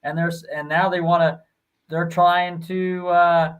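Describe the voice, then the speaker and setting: A man with a fairly high voice co-hosts a casual sports chat on a live stream. He speaks haltingly, restarting his sentences as he goes. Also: flat delivery, clean tone, narrow, tinny audio. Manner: halting, stumbles and restarts when telling a story. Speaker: stream co-host.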